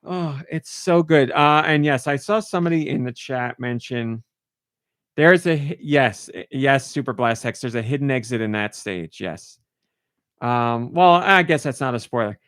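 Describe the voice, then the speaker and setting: A man's voice: medium pitch, normal speed, fairly bright tone, no echo, studio quality. A man hosting a podcast, chatting casually and gushing with enthusiasm. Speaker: podcast host.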